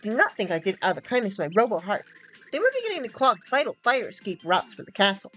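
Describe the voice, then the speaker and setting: A young woman voicing a dutiful female robot cat maid in a video game, with a sweet, high voice. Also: very animated, fast talker, fairly bright tone, faint music behind, low-quality recording. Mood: prim.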